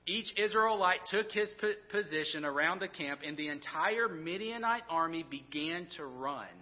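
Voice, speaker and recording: A man in his thirties, a pastor preaching a sermon in a conversational, animated storytelling way with many restarts. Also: on the high side, normal speed. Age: 30s. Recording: dull sound with long hall reverb.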